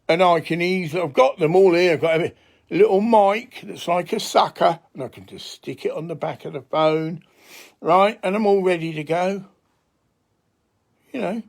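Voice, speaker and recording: A man's voice: high voice, creaky. An older man, rambling in a crude, sweary, laughing monologue. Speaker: self-styled spiritual healer.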